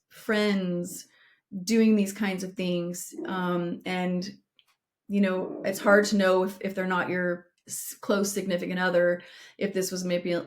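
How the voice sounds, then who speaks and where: With a lowish, slightly mellow voice, a middle-aged woman co-hosting a podcast tells a painful personal story and gives straightforward advice. Her delivery is sincere and direct, and she slows down to drive points home.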